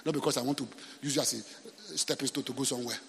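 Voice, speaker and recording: A man's voice: mid-range voice, steady tone, rapid-fire, fairly bright tone, breathy edge, in a large hall. A man with a Nigerian accent preaching a sermon as pastor, often asking the congregation questions and repeating himself.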